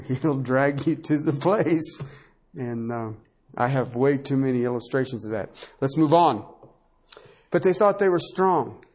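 Male pastor, sermon, animated preaching, fairly high voice, laughs a lot. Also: breathy edge. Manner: animated preaching, swinging from low asides to high emphatic bursts; laughs often while preaching.

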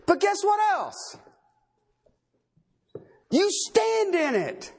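A man preaching a sermon as pastor, emphatic, swinging between loud and low. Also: wildly swooping pitch, drawn-out words, vocal fry, pauses often.

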